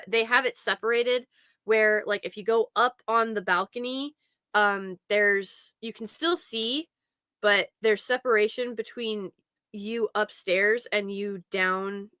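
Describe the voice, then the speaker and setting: Bright, blunt American woman. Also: medium pitch, clean tone, no room sound, studio quality. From United States. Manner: blunt, sarcastic, laughs often. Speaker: host. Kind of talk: casual commentary chat.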